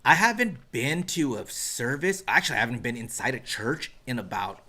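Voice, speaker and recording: A man's voice: medium pitch, normal speed. A man co-hosting a podcast, chatting casually and slipping into playful mock voices as he tells a story. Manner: animated, slips into mock voices when retelling. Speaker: podcast co-host. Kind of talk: casual chat.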